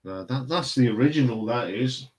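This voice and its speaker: A man's voice: medium pitch, expressive, normal speed, a little mellow, breathy edge. A man in casual, rambling chat, hosting a live stream from home. He answers viewer comments as they come in, chuckling often. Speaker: live stream host reviewing records.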